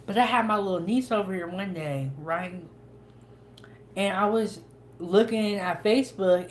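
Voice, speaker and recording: Woman, young adult, cooking vlog host, unhurried, chatty, folksy. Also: on the low side. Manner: chatty, folksy, with dialect grammar. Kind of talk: casual chat while eating.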